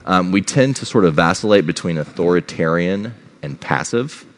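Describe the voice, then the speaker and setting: A man's voice: low-pitched, expressive, moderate pace. A middle-aged man giving a sermon as a pastor, conversational and checking in with the congregation. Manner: conversational, checks in with "all right?".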